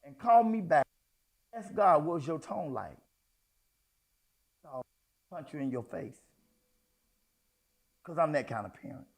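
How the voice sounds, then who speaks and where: Gravelly high-voiced man preaching. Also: sing-song, unhurried, long pauses. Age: middle-aged. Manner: conversational preaching with sudden emphatic outbursts. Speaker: pastor. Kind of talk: sermon.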